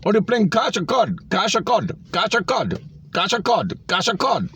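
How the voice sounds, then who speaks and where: A man doing a flustered male store cashier with a heavy Indian accent, pitched far above his own voice and jumping around in pitch. He repeats himself insistently. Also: sing-song, normal speed, a bit bright, slight background noise. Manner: repetitive, insistent, high-pitched.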